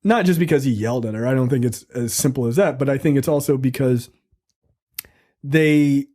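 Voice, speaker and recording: A man's voice: medium pitch, moderate pace, dark tone. A man co-hosting a film review podcast in casual, profane, joking chat, acting out quotes.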